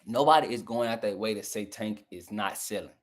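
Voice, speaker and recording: Fairly low in pitch and talking a little fast, a young man from the southern United States takes on his chat in a heated live-stream argument. His Southern American accent is clear, and he mocks their replies while addressing them head-on.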